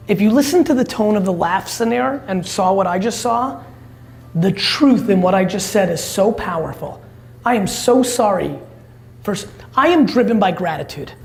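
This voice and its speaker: A man's voice: sits high, a little mellow, slight background noise. A man vlogging his day and giving a motivational talk, blunt, intense and full of swearing. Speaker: entrepreneur vlogger and conference speaker. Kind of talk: casual vlog talk and motivational speech.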